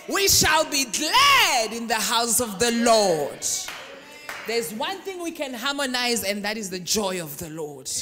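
Lady preaching in a big church, gets loud then quiet, long echo off the walls. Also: medium pitch. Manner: animated, swings from quiet to loud, acts out congregants. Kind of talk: sermon. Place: large church hall. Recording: long hall reverb.

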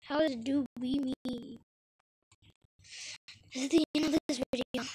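A woman's voice: high voice, fairly even intonation, a little slow, darkish tone, husky, rough recording. A woman giving casual gameplay commentary for her video channel, playful and teasing. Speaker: YouTube gamer.

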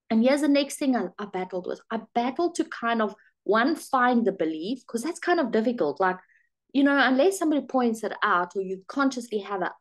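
Middle-aged lady coach chatting to camera, kinda high voice, acts out her own thoughts as she goes. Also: moderate pace. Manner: animated, acts out her own inner voice in quotes. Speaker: life and manifesting coach. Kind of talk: direct-to-camera coaching talk.

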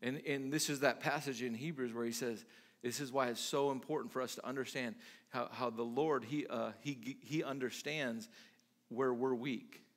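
A male pastor preaching a sermon in a conversational way, with lots of restarts and sudden emphatic bursts. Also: mid-range voice.

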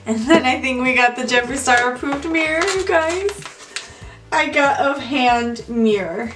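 A young woman talks to her viewers in a gushing, excitable way, slow and a little high. She is some distance from the mic in an echoey room, with music playing behind her. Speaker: beauty vlogger. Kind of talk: casual unboxing chat.

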